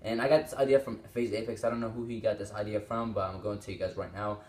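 A man's voice: on the low side, fairly even intonation, quick pace, echoey room. A teenage boy hosting a reaction video, rambling and exclaiming, often swearing, on a small microphone. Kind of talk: casual reaction commentary. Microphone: small desktop microphone.

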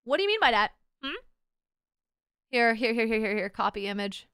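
A young woman streamer talks to her chat with a high, bright voice and crisp, clean diction. She is excitable and playful and swears freely. The recording is dry and close-miked. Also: normal speed, no echo. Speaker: VTuber streamer. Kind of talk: casual livestream chat.

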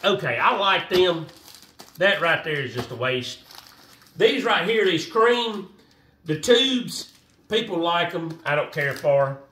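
Male vlogger, high and lively, rambling casual delivery, echoey room, mic at a distance. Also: slow pace. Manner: rambling, animated, talks to viewers as y'all. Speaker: fishing vlogger. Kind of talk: casual how-to vlog. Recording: roomy echo, voice a bit off-mic, faint noise.

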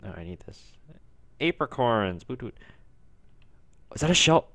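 A young man casually commenting while playing a video game, rambling, grumbling about lag, and breaking into sudden excited outbursts. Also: mid-range voice, moderate pace, no echo. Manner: rambling, frequent swearing at lag and jumpy outbursts. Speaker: gaming video creator. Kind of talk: casual let's play commentary.

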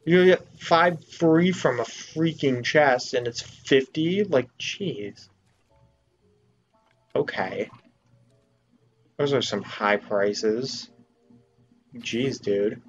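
A man's voice: mid-range voice, drawn-out words, pauses often, muffled recording, faint music behind. A young man giving let's play commentary in a playful, jokey, mock-exasperated way. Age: young adult. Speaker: gamer.

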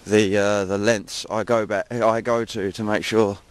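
A man's voice: lowish voice, level tone, a little slow, smooth. An English man chatting casually and jokingly to the camera while walking outdoors among dunes and woods, mocking himself as he goes. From England. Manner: chatty, self-mocking, jokey. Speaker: vlogger. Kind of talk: casual walking vlog narration. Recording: noisy outdoor camera recording.

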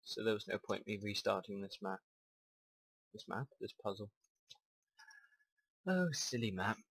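A young man commentating a puzzle game, talking himself through each step and second-guessing out loud. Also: on the low side, measured pace, slightly rough, dry recording, rough recording. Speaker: gamer. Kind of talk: let's play commentary.

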